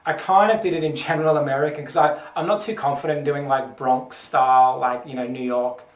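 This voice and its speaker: A man's voice: medium pitch, steady tone, fairly quick. Earnest Australian man, distant echo. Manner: earnest, thoughtful, many fillers. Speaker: actor, podcast guest. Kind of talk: casual interview chat. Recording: echoey and distant from the mic.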